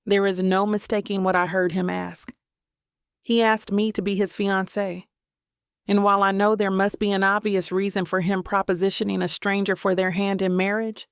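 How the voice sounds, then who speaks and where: A woman's voice: mid-range voice, level tone, fairly quick, gravelly, smooth, dry recording, studio quality. A woman narrating a first-person romance audiobook in a wry, sarcastic tone.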